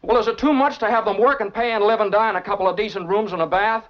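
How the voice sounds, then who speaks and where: A man's voice: high voice, fairly even intonation, quick pace, close to an everyday voice. An actor playing an earnest young man who passionately defends working people, heard as a film clip. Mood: impassioned. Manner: impassioned, pleading. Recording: dull old film soundtrack.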